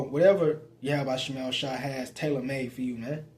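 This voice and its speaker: A man preaching, reading scripture aloud and commenting on it in casual talk, slow and halting with many fillers and repeated words. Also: mid-range voice, steady tone, darkish tone.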